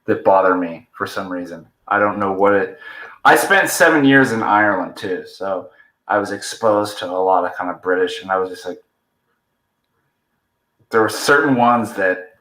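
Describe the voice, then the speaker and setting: A man's voice: deep voice, bright, forceful tone, echoey room, low-quality recording. A man hosting a podcast, chatting casually with a guest and often restarting his sentences. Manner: chatty, trailing restarts and fillers. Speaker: podcast host. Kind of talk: casual chat.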